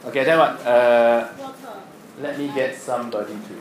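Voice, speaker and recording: A man's voice: mid-range voice, steady tone, normal speed, reverberant, crowd noise, poor audio. A man teaching science to a class, asking questions and teasing students. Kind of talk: classroom lesson.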